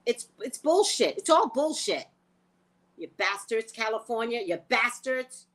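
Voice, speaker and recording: A woman's voice: a little high, unhurried, low-quality recording. Woman ranting on her livestream, voice jumping all over, cussing, fed up, chatting to viewers. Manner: animated, profane, exasperated storytelling. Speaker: live stream host, tarot reader. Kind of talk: casual livestream rant.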